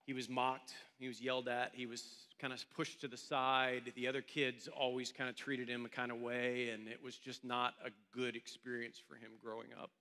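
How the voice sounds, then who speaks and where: A man's voice: medium pitch, level tone, normal speed, few pauses, sharp tone, long reverb tail. A male pastor telling a story during a sermon in a church meeting room, in a loose, conversational way.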